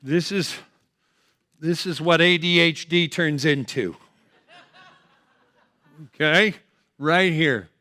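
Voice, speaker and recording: A middle-aged man does stand-up at a live fundraiser, bantering loudly with the audience. His voice sits high and rings very bright. The sound is dry and close. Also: slow, long pauses, no room sound. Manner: loud, teasing, punchy crowd work. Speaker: comedian performing at a fundraiser. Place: event hall, live on stage.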